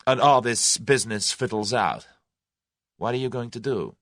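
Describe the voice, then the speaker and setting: A man's voice: medium pitch, expressive, moderate pace, a bit bright, no room sound, clean studio sound, pitched above the performer's own voice. A man voicing a brash, confident young man with a breezy, direct way of talking. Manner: breezy, direct, folksy slang.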